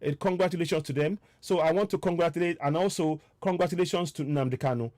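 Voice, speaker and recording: A man hosting a political podcast, talking with fiery passion that he then tries to calm down. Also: fairly high pitch, fast, dry recording, studio quality. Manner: fiery and worked up, then winding down softly. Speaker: activist podcast host. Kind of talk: impassioned political livestream talk.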